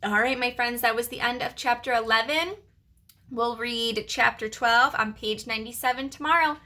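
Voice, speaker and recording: A preschool teacher reading a chapter book aloud to her class, animated and expressive. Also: a little high, normal speed.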